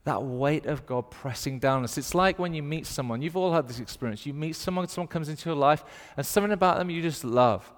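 A man in his thirties with a Northern English accent, preaching a lively sermon and telling stories with playful put-on voices. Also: fairly high pitch, fast, hardly any pauses, big-room sound. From north of England.

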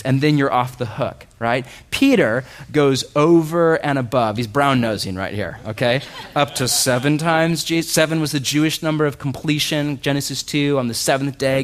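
A man preaching a sermon in a conversational way, reading scripture aloud and asking the congregation rhetorical questions. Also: mid-range voice. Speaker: pastor.

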